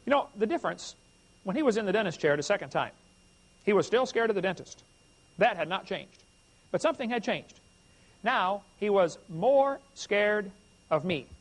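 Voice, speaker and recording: A man's voice: high-pitched, moderate pace, pauses often. A middle-aged man preaching a sermon, telling humorous stories and talking straight to the crowd. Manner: animated, humorous, addresses the crowd directly. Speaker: evangelist preacher. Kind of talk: folksy storytelling sermon.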